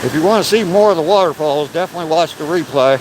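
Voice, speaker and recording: Fast and on the high side, an older man keeps up a casual livestream chat as he walks down a rocky trail past a waterfall in the woods. He swears from time to time, with background noise behind him.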